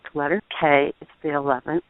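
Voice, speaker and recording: A middle-aged woman calling in, telling a personal testimony in an earnest, halting way, over the phone. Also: sits low, little pitch movement, no room sound. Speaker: caller. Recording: tinny dry phone line.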